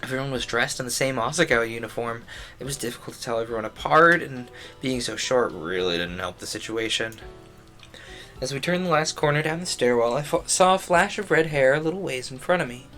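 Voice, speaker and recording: A man's voice: medium pitch, a little fast, pushed and bright, soft background music. Man reading a game aloud. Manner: chatty, amused asides between read lines. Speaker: streamer. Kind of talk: reading a visual novel aloud with commentary.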